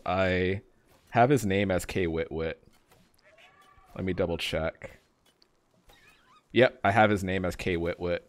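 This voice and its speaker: A young man talks through a game stream in a relaxed, rambling way, reading out and greeting viewers by name. His voice sits low with a noticeable gravelly fry. He drifts from topic to topic in casual, unscripted chat.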